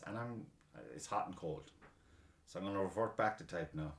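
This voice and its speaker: A lively man hosting a casual chat. His voice sits low but swings widely up and down as he talks, and the recording carries a roomy echo. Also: moderate pace. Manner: swears freely, animated and self-mocking, with frequent laughs. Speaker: podcast host.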